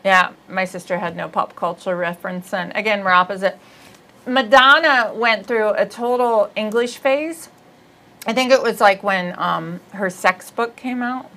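A woman hosting a podcast in casual comedic chat, rambling, giggly and quick to poke fun at herself. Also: medium pitch, steady tone, a bit bright, rough recording. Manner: rambling, giggly, self-deprecating. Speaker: podcast host.

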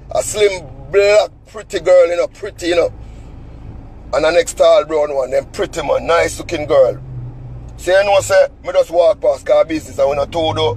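A man's voice: a little high, a little mellow, slight background noise, poor audio. A Jamaican man telling a story as an angry, cussing rant in heavy patois, sitting in a car. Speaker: vlogger.

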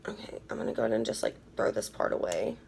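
A woman's voice: rumbling low, wildly swooping pitch, very fast, vocal fry, darkish tone, a little hiss or hum. A young woman chatting casually while unboxing beauty products at home, bubbly and gushing, often repeating herself. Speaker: beauty vlogger. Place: indoors at home.

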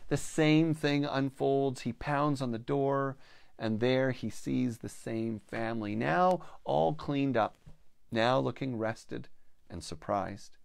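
A man tells a parable in a slow, unhurried way, his voice gravelly with some fry. The sound is dry and close, with no room echo. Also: mid-range voice. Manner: slow, measured telling, voicing characters. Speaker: storyteller. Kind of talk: spoken storytelling at a spiritual gathering.

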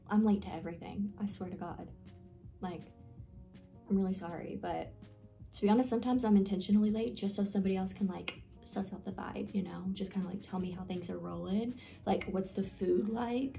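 A young woman chats through a get-to-know-me vlog, rambling and joking at her own expense. Her voice is dark and mellow with a gravelly edge, and faint music plays underneath. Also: medium pitch. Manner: rambling, filler-heavy, self-deprecating. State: nervous, with hiccups. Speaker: vlogger.

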